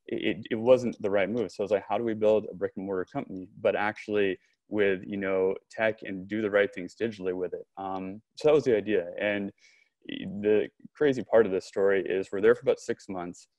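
Brief: low male voice, animated storyteller, dry close-miked studio sound. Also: brisk, dry recording. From Southern California. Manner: animated storyteller, frequent restarts and quoted dialogue. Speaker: podcast guest, company co-founder. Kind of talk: storytelling in a conversational interview.

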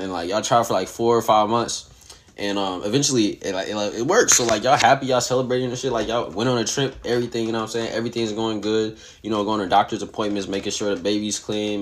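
Deep-voiced young man rambling a story. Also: slight background noise. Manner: rambling, filler-heavy, conversational. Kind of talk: casual hypothetical storytelling.

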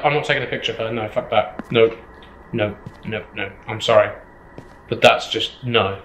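Jittery, swearing gamer. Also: male voice, on the low side, steady tone, normal speed, a bit bright, roomy sound, slight background noise, rough recording. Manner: jittery, swearing, keeps repeating himself. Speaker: gameplay streamer. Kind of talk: horror game commentary.

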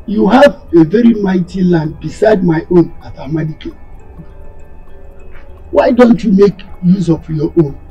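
A man with a Nigerian accent playing a firm elder brother and father who refuses a demand and calms his son. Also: high-pitched, highs cut off, faint music behind. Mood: stern. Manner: stern, deliberate, religious reassurance.

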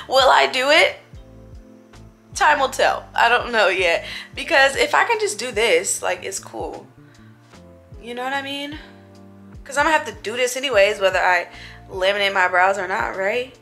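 Young woman vlogger, bright and playful, casual chat to camera. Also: mid-range voice. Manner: chatty, playful, talks to viewers as girls. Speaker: beauty vlogger. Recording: faint music behind.

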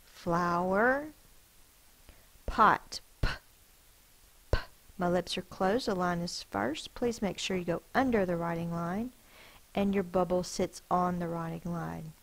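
A woman's voice: on the low side, steady tone, normal speed, vocal fry, poor audio. A woman teacher giving a spelling lesson, carefully sounding out each word letter by letter.

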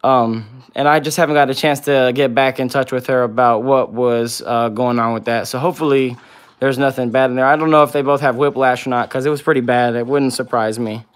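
Fairly quick and steady, this man's mid-range voice carries a casual livestream where he, a pet vlogger, works through viewers' comments one after another. Between replies he slips into baby talk for his animals.

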